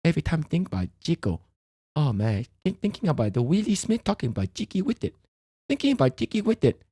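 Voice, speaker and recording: A man's voice: fairly high pitch, sing-song, fast, warm tone, slightly rough, no echo. A man putting on a crude, rambling middle-aged immigrant dad who speaks broken English and tags lines with "lah". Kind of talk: comedic character monologue on stream.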